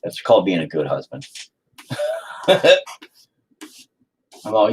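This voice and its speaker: A man's voice: on the low side, wildly swooping pitch, takes it slowly, husky, poor audio. A man chatting casually and profanely while painting on a livestream, rambling and joking. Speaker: streamer painting on camera.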